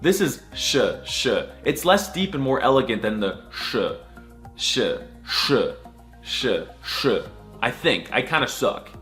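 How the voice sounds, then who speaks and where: A man teaching letters for laughs, his pitch leaping and swooping as he goes. He delivers everything with exaggerated mock seriousness and breaks into sudden squeals, with faint music running underneath. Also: very animated, unhurried, a bit bright. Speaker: comedy language tutor. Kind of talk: comedic alphabet lesson.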